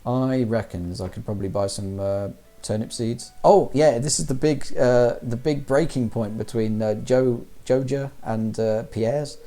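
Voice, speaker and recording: A man's voice: medium pitch, measured pace, hardly any pauses, warm tone. A man doing jokey, chatty let's-play commentary as a gaming streamer. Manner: jokey, chatty, mild slang.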